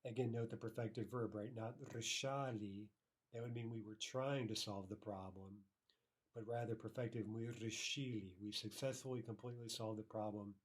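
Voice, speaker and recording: A man with a low voice teaching a language lesson. He explains grammar in a patient, step-by-step way, often checks in with "right?" and slows down to repeat example phrases carefully. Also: fairly even intonation. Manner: explanatory, frequent "right?" checks, slow careful Russian repetitions.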